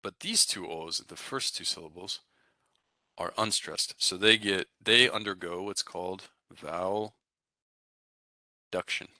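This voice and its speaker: A man teaching a Russian language class in a relaxed, explanatory way, often checking in with "right?" and "okay?". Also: deep voice, unhurried, pauses often, no echo. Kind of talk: recorded classroom lecture.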